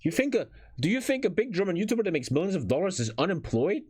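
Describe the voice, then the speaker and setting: A man reacting to a video as a streamer, ranting bluntly and swearing, with phlegm in his chest that makes him clear his throat. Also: sits high, sing-song, fast talker, darkish tone. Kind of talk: casual reaction commentary.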